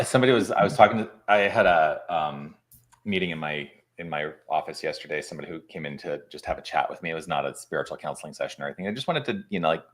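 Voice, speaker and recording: A man's voice: rumbling low, fairly bright tone. A man who is a minister co-hosting a casual talk, speaking reflectively and rambling with fillers. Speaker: minister, co-host. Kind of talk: casual chat.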